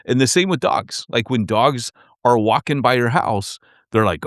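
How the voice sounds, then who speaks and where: A man's voice: medium pitch, moderate pace, dry recording, studio quality. A man co-hosting a podcast, chatting casually and telling rambling stories with lots of restarts. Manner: animated, rambling storyteller with many restarts. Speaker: podcast co-host. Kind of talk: casual chat.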